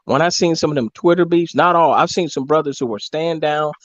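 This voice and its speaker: A man talking in a loud, joking podcast chat, often putting on mocking voices. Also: on the high side, brisk, no room sound, lo-fi sound. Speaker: podcast co-host. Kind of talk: casual comedic chat.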